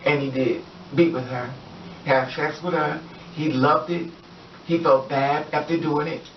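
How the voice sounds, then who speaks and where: A man's voice: fairly high pitch, fairly even intonation, a little slow, slight background noise. A man telling a story in a casual vlog, rambling with many fillers and acting out what the people in it say. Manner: rambling, repetitive, with many fillers and acted-out quotes. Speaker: vlogger. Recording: distant, roomy, dull lo-fi sound.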